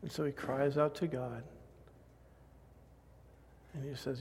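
A man's voice: medium pitch, fairly even intonation, slow, long pauses, a little mellow, a little hiss or hum. A man preaching a sermon and telling a self-mocking personal story, laughing often. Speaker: pastor. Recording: long hall reverb.

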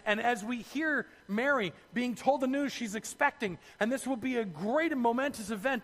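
A man preaching a sermon, telling the story in a lively way with asides to his listeners. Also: very high voice, long reverb tail. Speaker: pastor.

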